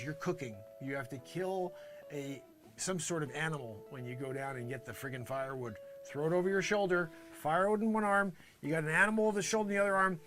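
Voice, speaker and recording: A man's voice: a little high, bright, forceful tone. A man playing a smug schemer in a comedy sketch. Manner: smug, persuasive, muttering asides.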